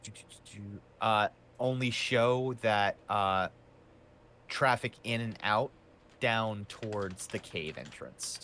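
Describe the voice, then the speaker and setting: Low-voiced man running a tabletop game. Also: slow, sharp tone, a little hiss or hum. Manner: loose, meandering narration. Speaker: game master.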